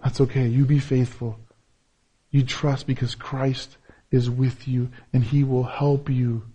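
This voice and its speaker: A man gives a sermon as pastor in a level, slightly rough voice, speaking a little slowly. He repeats key phrases and alternates between loud emphasis and soft, low passages.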